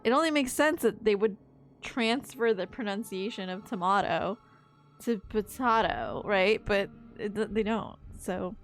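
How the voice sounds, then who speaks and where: A woman's voice: mid-range voice, measured pace, soft background music. A young woman chatting casually while she plays a game, rambling and swearing when she gets stuck. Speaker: streamer. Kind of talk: casual live-stream commentary while playing.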